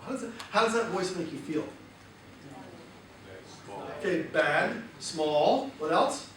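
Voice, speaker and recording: A man speaking as a motivational seminar speaker in a lively way and asking the audience questions. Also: high voice, takes it slowly. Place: large hall with audience. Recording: echoey hall, distant mic, noisy.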